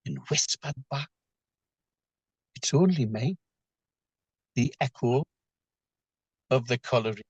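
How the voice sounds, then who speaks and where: Quiet Northeast English poet, slow. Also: male voice, medium pitch, expressive, husky, no echo, lo-fi sound. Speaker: open mic poet. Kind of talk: poetry reading in dialect.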